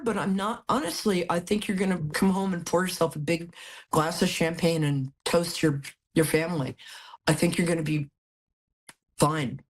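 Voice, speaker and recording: A woman hosting a live call-in tarot reading, chatty and affectionate, a little out of it after a hospital stay. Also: on the low side. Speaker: psychic reading host.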